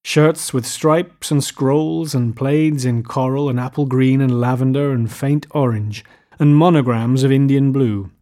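In this scripted audiobook reading, a man narrates literary fiction without hurrying, his delivery measured. His middle-pitched voice is steady and dark in tone.

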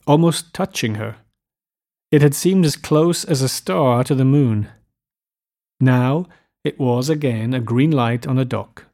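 A man reading literary fiction aloud as an audiobook narrator, measured and unhurried. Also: medium pitch, dark tone.

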